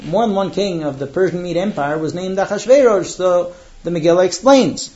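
A man with a high voice teaches a Torah class. He intones the Hebrew verses slowly and then retells them in lively story form with voiced dialogue. The recording sounds dull and lo-fi.

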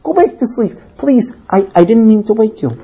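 Woman doing the wife, soft sorry voice, husky, bit lo-fi. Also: a little high, animated, normal speed. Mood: apologetic. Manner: soft, repeated apologies. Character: apologetic young wife. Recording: dull lo-fi recording.

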